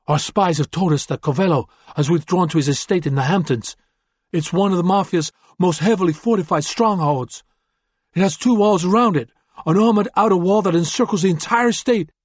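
A man's voice: high-pitched, brisk, darkish tone, husky, no echo, voice pushed up. A man voicing a cautious, earnest male gang lieutenant in an audiobook.

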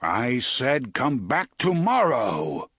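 A man doing a mighty male wizard who speaks in slow, swelling pronouncements. The voice is loud and theatrical, with a husky edge. It sounds dry and close. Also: medium pitch, sing-song, no room sound, full character voice. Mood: booming. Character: booming male wizard voice from pipes.

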